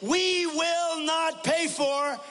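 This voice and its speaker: A man doing a mocking, exaggerated impression of a furious male former president shouting defiance at a rally. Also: very high voice, steady tone, extremely slow, voice pushed up, heavily acted. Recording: rally hall reverb with crowd ambience.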